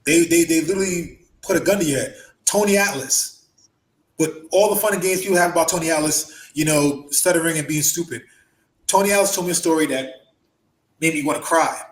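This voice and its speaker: A man telling a story on a podcast in an animated way, acting out the voices in quick bursts. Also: a little high, reverberant, low-quality recording. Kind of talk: casual storytelling.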